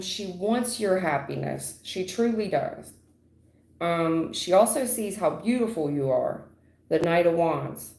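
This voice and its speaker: A woman doing a live tarot reading, hammering points home with blunt slang and repetition. Her voice sits in an ordinary middle pitch and rings in a roomy, echoey space. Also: darkish tone. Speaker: tarot reader. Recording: roomy echo.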